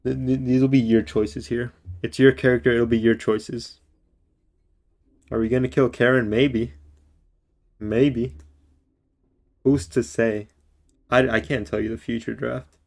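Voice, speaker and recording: With a medium pitch, vocal fry, and a darkish tone, a man streams a game and jokes around teasing a friend on voice chat, his delivery flat. Later he reads the story text aloud in a slow, measured narrating voice.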